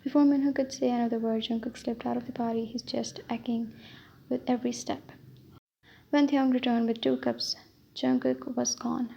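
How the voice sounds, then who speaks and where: A woman reading a fan-fiction story aloud in an even way, stumbling now and then. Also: a little high, normal speed, gravelly. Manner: flat, even reading with small slips. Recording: dull lo-fi with faint hiss.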